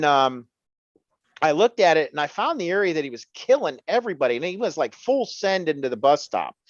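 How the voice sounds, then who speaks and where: A man co-hosting a podcast, telling stories in a relaxed, matter-of-fact way in casual chat. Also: a little high, no echo. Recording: dull, dry lo-fi mic.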